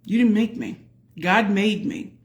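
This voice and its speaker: A woman hosting a casual live stream as a pitch coach, greeting viewers by name and calling out to the audience as y'all. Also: measured pace. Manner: folksy, addresses the audience as y'all.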